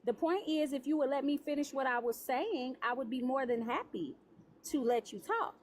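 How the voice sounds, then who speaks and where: A woman's voice: high voice, lively intonation, normal speed. A woman hosting a livestream debate, cutting callers off and talking down to them. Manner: condescending, cuts callers off. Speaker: livestream host.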